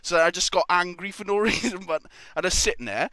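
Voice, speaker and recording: Young man, casual storyteller, lively swooping delivery, crisp and bright. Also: high-pitched, a little fast, dry recording. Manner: rambling, sweary, laughs through his story. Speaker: podcast guest.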